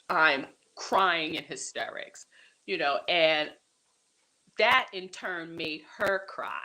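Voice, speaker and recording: Woman guest with a low-set, bright and forceful voice who tells her stories with lots of laughter and "you know"s. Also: low-quality recording. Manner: animated, laughing often, many fillers and restarts. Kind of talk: conversational interview storytelling.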